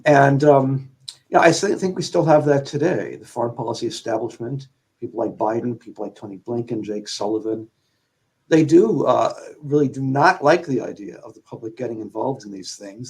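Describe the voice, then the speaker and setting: A man, an author and panel guest on a radio talk show, explaining in a measured, academic way with frequent ums and you-knows. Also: mid-range voice, a little mellow, low-quality recording. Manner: measured, academic, hesitant with fillers.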